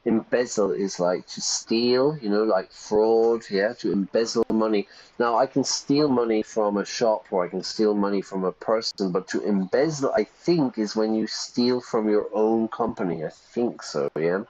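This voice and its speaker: A man's voice: fairly low pitch, normal speed, darkish tone, dull audio. A man hosting a game stream as an English teacher, explaining words with everyday examples and reading game lines aloud. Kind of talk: let's play commentary teaching vocabulary.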